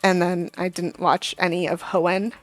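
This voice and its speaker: A young woman streamer with a lowish voice rambles through a story, breaking off to comment on her game. Her voice is close and dry, with faint game music behind it. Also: flat delivery, measured pace, no room sound. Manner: rambling storyteller, many fillers and asides to the game. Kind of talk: casual gaming chat.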